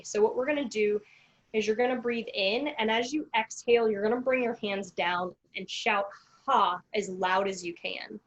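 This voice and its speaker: A woman leading a virtual breathing workshop over a video call, giving calm instructions and counting breaths slowly. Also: fairly high pitch, muffled recording. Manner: calm, slow counting with pauses.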